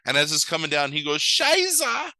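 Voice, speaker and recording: A man's voice: medium pitch, animated, moderate pace, sharp tone, no room sound, rough recording. A man casually retelling a movie plot, swearing and acting out the characters' lines in mock voices. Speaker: podcast host recapping a movie. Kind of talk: casual chat.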